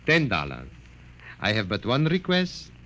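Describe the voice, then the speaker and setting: A grandiose doll maker in a vintage radio drama, boastful and silky. His tone is bright and sharp, and his pitch swoops dramatically. He savors every word. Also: huge pitch swings, measured pace, slight background noise, heavily acted. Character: grandiose old male doll master, sly and proud. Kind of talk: 1940s radio acting.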